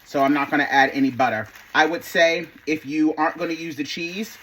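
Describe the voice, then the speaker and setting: A man's voice: a little high, fairly quick, bright, forceful tone, a little hiss or hum. A man hosting a home cooking video, walking viewers through a recipe in a chatty, sassy way, calling them y'all and honey. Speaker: cooking channel host. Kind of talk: casual cooking tutorial.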